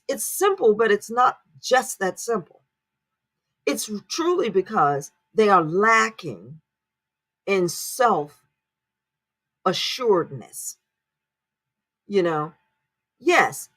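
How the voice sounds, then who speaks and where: A woman's voice: medium pitch, a bit bright. A woman hosting a commentary channel, talking casually to her viewers and often asking rhetorical questions. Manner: rhetorical, keeps checking in with "right?". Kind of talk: casual spoken commentary to camera.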